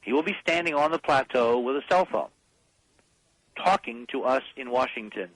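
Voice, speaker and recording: A man's voice: mid-range voice, lively intonation, moderate pace, a bit bright, no echo, low-quality recording. A man speaking as a guest on a late-night radio talk show, emphatic and insistent as he rallies the listeners. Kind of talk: impassioned radio call-in talk.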